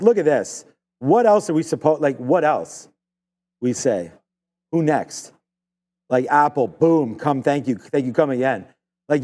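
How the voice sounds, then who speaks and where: Man, trading stream host, live market commentary, rambling and excitable, warm mellow tone. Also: mid-range voice. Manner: rambling, excitable, filler-heavy.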